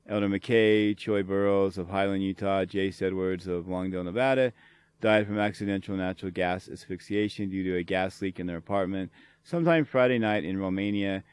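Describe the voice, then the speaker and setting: A man's voice: lowish voice, a little fast, clear, resonant tone, dry recording. A middle-aged man hosting a show, ranting angrily and sarcastically with lots of swearing as he reads and answers comments. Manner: angry, profane, sarcastic ranting. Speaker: podcast host.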